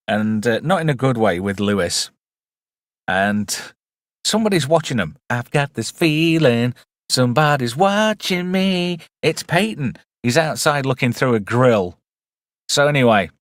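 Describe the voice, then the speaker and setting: A man's voice: mid-range voice, a bit bright, dry recording. A man hosting a casual live film review stream, chatty and wry with rambling asides.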